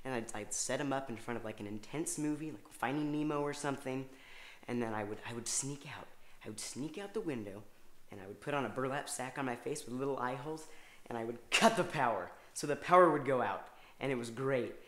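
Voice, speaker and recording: A young man doing a stand-up comedy routine, telling a story in halting, rambling sentences full of restarts. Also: mid-range voice, fairly bright tone, roomy sound.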